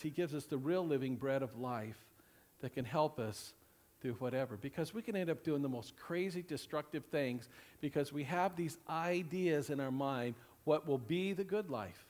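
Here a pastor speaks to several church campuses at once in a wandering style full of repeated phrases and "you know." Scripture readings get a slower, lower voice.

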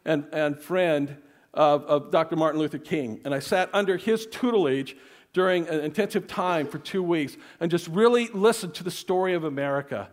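A male pastor preaching a sermon, telling a personal story in an earnest voice that often drops to soft, hushed tones. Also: fairly high pitch.

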